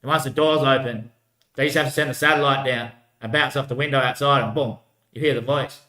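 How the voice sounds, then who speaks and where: A man's voice: medium pitch, fairly even intonation, a little fast, pushed and bright, roomy sound. A man talking in a loose, drifting solo monologue, repeating himself and tossing in "mate" often. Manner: repetitive, keeps saying "mate" and "bloody hell"; loose, drifting talk with frequent laughs. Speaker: vlogger.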